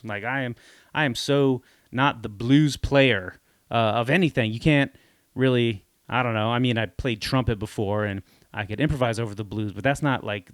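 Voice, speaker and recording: A man's voice: mid-range voice, dry recording. A middle-aged man hosting a podcast, telling a rambling, self-deprecating story with many fillers and restarts. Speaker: podcast host. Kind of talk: casual storytelling monologue.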